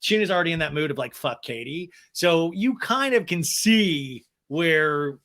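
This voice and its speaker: A man's voice: fairly high pitch, animated, normal speed, fairly bright tone. A man hosting a podcast, giving a comedic recap with sarcastic asides. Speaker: podcast host. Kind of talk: comedic recap of a reality show.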